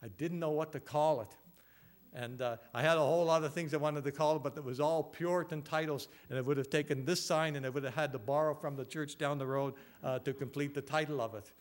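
A man delivers an expository sermon in a slightly higher voice. He is earnest and drives his points home with rhetorical questions and repeated phrases. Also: brisk. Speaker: pastor.

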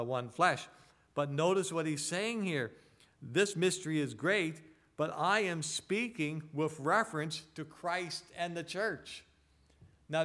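A man preaching a sermon in a conversational way, asking rhetorical tag questions and reading scripture slowly and deliberately. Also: on the high side, fairly bright tone. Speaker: pastor.

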